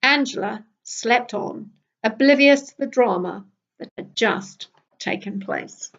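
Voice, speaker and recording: An older woman from Britain reading her travel memoir aloud in a lively, wry storytelling manner. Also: a little high, slow pace, vocal fry, muffled recording.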